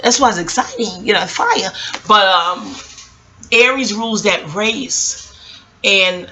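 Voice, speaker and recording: Speaking slowly in a medium pitch with a sharp tone, this astrologer vlogs to her viewers in a chatty, meandering way, calling them y'all. She's from New York and has a New York accent.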